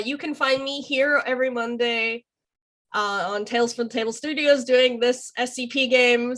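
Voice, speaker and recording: A woman's voice: fairly high pitch, fairly bright tone. A woman player with a sick voice, introducing herself in a chatty way with laughing asides. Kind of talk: casual introduction.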